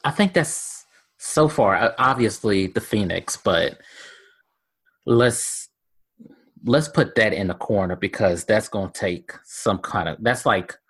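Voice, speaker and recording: Relaxed man musing in casual chat. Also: fairly low pitch, slow, husky. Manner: relaxed, hesitant with fillers. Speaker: podcast co-host.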